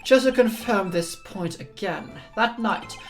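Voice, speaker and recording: Stern male prosecutor, read by a woman in her own voice; formal, measured, probing. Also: mid-range voice, soft background music, close to an everyday voice. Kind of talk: dramatic reading of game dialogue.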